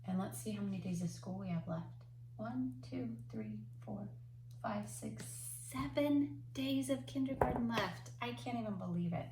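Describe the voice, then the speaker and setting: A woman teaching kindergarten remotely from home, speaking slowly and patiently in simple words for young children. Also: medium pitch, reverberant, noisy background. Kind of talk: remote class lesson.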